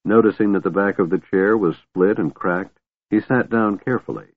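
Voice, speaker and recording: Man reading a fantasy audiobook, really deep voice, sounds like over a phone. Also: moderate pace, husky, no echo. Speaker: audiobook narrator. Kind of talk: scripted narration. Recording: thin phone-like dry recording.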